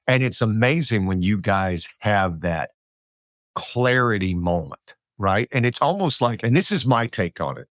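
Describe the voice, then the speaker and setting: A man's voice: lowish voice, sing-song, measured pace, no room sound. A man hosting a podcast, reflecting aloud in a thoughtful, rambling way with many restarts, close to the mic. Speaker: podcast host. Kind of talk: reflective interview chat.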